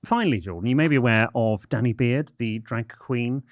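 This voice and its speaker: A man's voice: medium pitch, a little fast, no room sound, lo-fi sound. An English man co-hosting a casual podcast, reading listener letters aloud in an arch, mock-prim manner. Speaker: podcast co-host.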